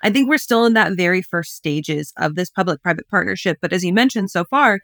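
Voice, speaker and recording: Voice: medium pitch, expressive, fairly quick, vocal fry, fairly bright tone, dry recording, clean studio sound. A podcast host asking long, winding interview questions.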